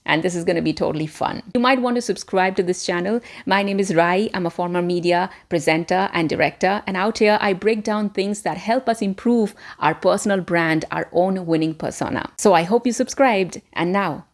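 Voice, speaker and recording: A woman's voice: fairly low pitch, normal speed, few pauses. A woman who hosts her own channel, a former media presenter, talking to camera in a chatty, enthusiastic way. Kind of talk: casual talking-to-camera recommendations.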